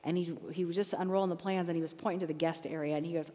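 A middle-aged woman with a slightly low voice tells personal stories in a Christian talk, breaking into lively retellings of her arguments. Her voice rings out with the long reverb of a large hall. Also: rapid-fire. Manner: conversational, animated retellings of her own arguments. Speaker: Christian speaker.

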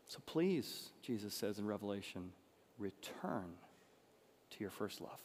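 A man preaching a sermon as pastor, passionate, moving between soft and emphatic delivery. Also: fairly low pitch, sing-song, measured pace, husky. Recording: long hall reverb.

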